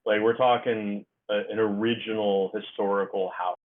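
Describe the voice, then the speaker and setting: A middle-aged man, a guest author, telling a story in a halting way with many fillers and restarts. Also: on the low side, steady tone. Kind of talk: casual storytelling interview. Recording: tinny phone-like line.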